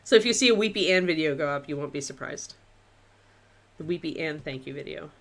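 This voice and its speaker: A woman hosts a laid-back, talkative live session painting miniatures, narrating her thoughts as she works at a brisk pace. Her voice is clear and bright with lively pitch changes, and there's a slight hiss or hum in the audio.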